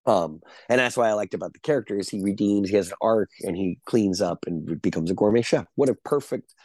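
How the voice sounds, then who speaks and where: A man's voice: lowish voice, a little fast, a little mellow, no room sound. A middle-aged man, an actor guest, telling rambling anecdotes with lots of fillers and restarts in a casual interview chat.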